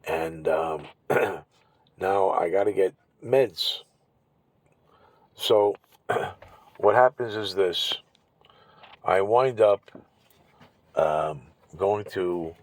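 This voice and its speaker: A man telling his own story to camera, angry and profane, often clearing his throat and repeating himself. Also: low-pitched, rough recording. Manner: bitter and indignant. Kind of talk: angry personal account to camera.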